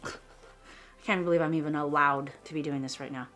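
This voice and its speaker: A woman hosting a crafting vlog, gushing over a scrapbook and often dropping into a breathy whisper. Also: deep voice, fairly even intonation, fast talker, fairly bright tone, faint music behind. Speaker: scrapbooking channel host. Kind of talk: flip-through show-and-tell vlog.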